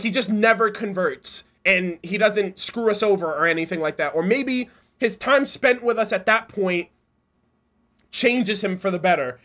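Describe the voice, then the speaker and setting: A man reacting casually to a video game trailer, excitable, swearing freely and breaking into loud laughs and shouts. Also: high voice. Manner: swears freely, says dude and bro.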